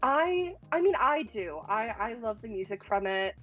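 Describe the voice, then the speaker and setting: A woman's voice: fairly high pitch, moderate pace, soft background music. Woman from canada, giggly and chatty, call audio sounds kinda dull and lo-fi. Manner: giggly, animated, self-deprecating. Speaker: judge on the show. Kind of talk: casual chat.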